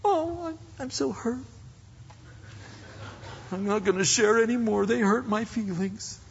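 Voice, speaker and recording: A preacher mimicking a whiny wounded believer. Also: male voice, very high voice, unhurried, creaky, a little hiss or hum, pitched above the performer's own voice, heavily acted. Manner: whimpering, mock-wounded. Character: whiny, self-pitying young believer, man. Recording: dull recording in a reverberant hall.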